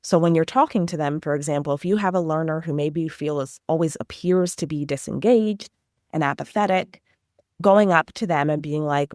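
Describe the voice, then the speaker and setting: Earnest lower-voiced woman explaining. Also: moderate pace, no room sound, studio quality. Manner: enthusiastic, earnest, animated explaining with acted-out teacher questions. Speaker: education consultant guest. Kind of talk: conversational interview answers.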